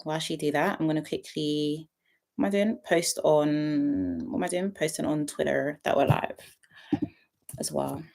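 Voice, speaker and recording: A woman's voice: deep voice, steady tone, normal speed, vocal fry. Young woman, livestream host, chatty and playful, casual home setup. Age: 20s. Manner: chatty, playful, shouting out viewers by name. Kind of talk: casual livestream chat greeting viewers. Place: at home, her sister's house.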